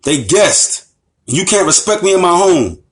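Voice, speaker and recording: A man's voice: sits high, sing-song, unhurried. An American man giving an impassioned lecture as an Islamic teacher, emphatic and repetitive, with rhetorical questions to his listeners. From United States. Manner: emphatic, repeats phrases, asks the audience rhetorical questions.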